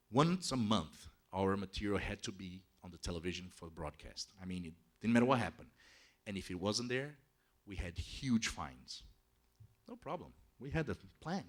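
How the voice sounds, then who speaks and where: A man telling a travel story to an audience in a lively, conversational way, dropping in frequent "you know" asides. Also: on the low side, normal speed.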